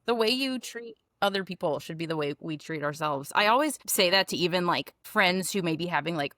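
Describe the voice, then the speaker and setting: A young woman co-host with a somewhat low voice. She talks earnestly, full of "like", as she shares advice in a casual chat. The sound is dry and close to the mic. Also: animated, a little fast, sharp tone, no room sound. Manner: earnest, gives advice, says "like" a lot. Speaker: podcast co-host.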